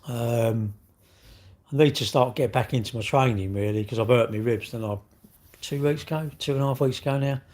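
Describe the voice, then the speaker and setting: Reading viewer comments aloud and replying, an English livestream host chats casually, meandering and poking fun. He has a medium-pitched voice with a darkish tone.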